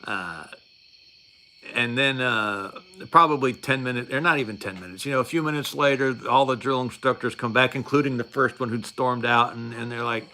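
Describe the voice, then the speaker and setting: Bright-voiced middle-aged man telling a story. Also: medium pitch, brisk, few pauses. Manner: rambling, wry, with frequent fillers and restarts. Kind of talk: casual storytelling.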